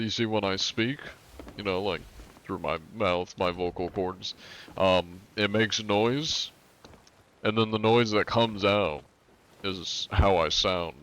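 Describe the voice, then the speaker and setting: Brief: male streamer in his twenties, lowish voice, dry wry humor, casual gaming chat. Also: fairly bright tone, clear, resonant tone.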